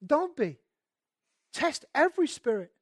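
A man's voice: very high-pitched, very animated, measured pace, no echo. Man preaching conversationally, dry sound. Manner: conversational preaching, emphatic, often repeats words. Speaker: pastor. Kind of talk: sermon.

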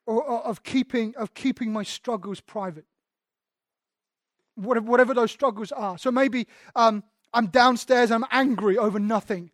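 A man's voice: very high-pitched, normal speed, dry recording, studio quality. A man preaching a sermon as pastor, candid and self-deprecating, often restarting his sentences.

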